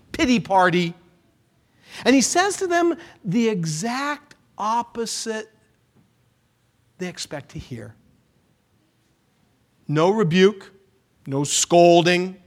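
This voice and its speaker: A man preaching a sermon as pastor, with dramatic swings between hushed lines and loud, emphatic ones. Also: high voice. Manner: dramatic preaching with sudden hushed drops and rises.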